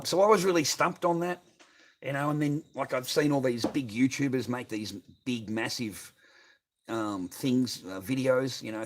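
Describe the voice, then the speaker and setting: A man with an Australian accent hosting a casual livestream, talking to his viewers in a rambling way full of swearing and fillers. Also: mid-range voice. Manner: rambling, heavy swearing, constant filler words. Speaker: livestream host. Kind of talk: casual livestream chat, reading viewer comments.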